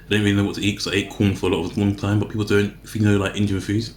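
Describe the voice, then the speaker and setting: A man with a lowish voice and little pitch movement talks very quickly to the camera while eating, rambling and chatty, often revising what he says mid-sentence. The sound is roomy, with some slight background noise.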